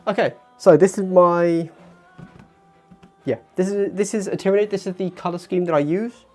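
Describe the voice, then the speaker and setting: A man in his thirties hosting a casual hobby livestream, chatty and animated, getting worked up and poking fun at himself. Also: high voice, moderate pace. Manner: chatty, animated, gets worked up and self-deprecating. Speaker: livestream host. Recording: faint background music.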